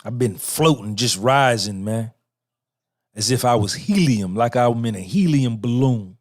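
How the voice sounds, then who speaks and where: A middle-aged podcast host delivers a profane, repetitive motivational monologue, going back and forth with himself. His mid-range voice is expressive and unhurried.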